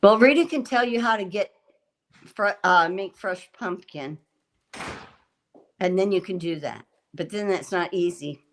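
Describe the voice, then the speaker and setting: A woman hosts a livestream, chatting casually and ramblingly with live viewers as she cooks, often laughing and restarting. Her voice is medium-pitched and a little slow, with long pauses, in a rough recording.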